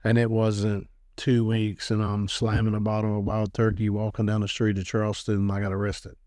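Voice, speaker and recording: A man's voice: lowish voice, monotone, moderate pace, warm tone, no room sound, studio quality. A middle-aged man, a guest telling his life story in a rambling, casual way, laughing often and acting out what others said. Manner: rambling, laughs often, acts out quoted talk. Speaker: guest giving a testimony.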